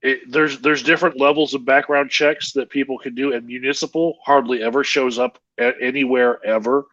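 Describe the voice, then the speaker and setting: A man's voice: medium pitch, fairly even intonation, a little fast, a bit bright, no room sound. A man talking casually and matter-of-factly, rambling a little as he explains. His voice comes through dull and lo-fi, with a dry sound. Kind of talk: casual chat. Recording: dull, lo-fi call audio.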